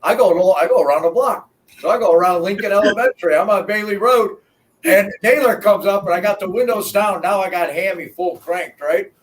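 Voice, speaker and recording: A man co-hosting a sports podcast, telling stories in animated casual chat and often saying "man". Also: high-pitched, fairly quick, distant mic. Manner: animated storyteller, peppers talk with "man". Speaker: podcast co-host.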